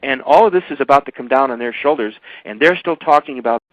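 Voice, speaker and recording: An older man, an author being interviewed on the radio, talking emphatically and at rambling length, his pitch jumping suddenly. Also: fast talker, no echo. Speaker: author and guest. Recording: dull, dry radio audio.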